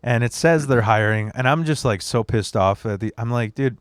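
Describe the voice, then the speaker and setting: A man's voice: mid-range voice, moderate pace, dry recording, studio quality. A man, a standup comedian, telling long, profane stories as a guest on a podcast. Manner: profane, rambling anecdotes. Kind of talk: casual podcast storytelling.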